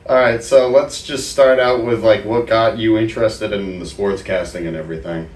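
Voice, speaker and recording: A young man hosting an interview show, asking short, relaxed questions. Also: fairly low pitch, normal speed. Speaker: podcast host. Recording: echoey room, mic at a distance, faint noise.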